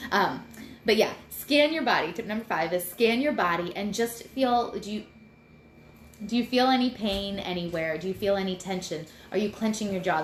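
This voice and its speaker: A woman in her thirties talks casually on a live video from home, chatty and a little rambling. Her voice sits at a middle pitch and picks up the roomy echo of the space around her, with a faint hum of room noise behind it. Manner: chatty and rambling, self-deprecating. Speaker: host sharing mindfulness tips. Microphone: computer mic.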